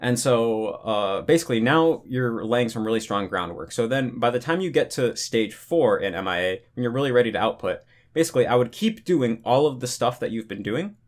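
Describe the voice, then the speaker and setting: A young man giving casual talking-head advice on language learning, relaxed and rambling, full of "you know" and "like". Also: mid-range voice, brisk, few pauses.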